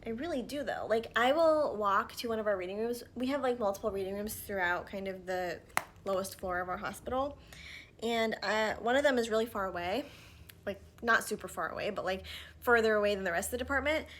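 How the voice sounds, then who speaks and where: A woman in her thirties talking casually to camera while doing her makeup at home, chatty with frequent fillers and soft murmured asides, a little out of breath. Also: medium pitch, fairly quick. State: slightly out of breath from pregnancy. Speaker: vlogger. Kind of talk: casual get-ready-with-me chat. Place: at home, indoors.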